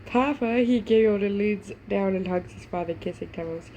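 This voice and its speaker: A woman's voice: medium pitch, steady tone, normal speed, dark tone, slight background noise, poor audio. Woman reading fan fiction, stumbling often. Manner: stumbling over words, breaking off to gush; puts on voices for the characters. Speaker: fanfiction reader.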